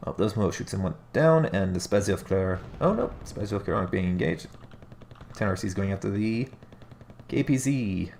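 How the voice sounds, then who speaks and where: A deep, gravelly male voice with a stuffed-up, nasal sound from allergies. He does relaxed play-by-play at a desk mic, thinking out loud and fixing his words as he goes. A faint hiss of noise sits under him. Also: normal speed. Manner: casual, musing, corrects himself mid-sentence. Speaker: game caster. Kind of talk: live play-by-play commentary on a strategy game replay.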